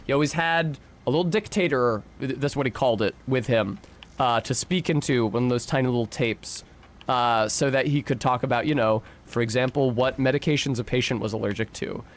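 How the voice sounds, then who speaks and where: A young American man streaming a game, chatting casually and swearing often while he answers his chat and rambles between fights. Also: medium pitch. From United States.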